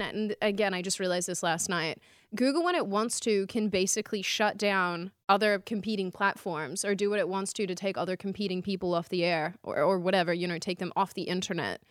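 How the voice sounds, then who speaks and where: A woman's voice: medium pitch, no echo, clean studio sound. A woman hosting a political talk show, rambling and opinionated in casual commentary. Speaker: host.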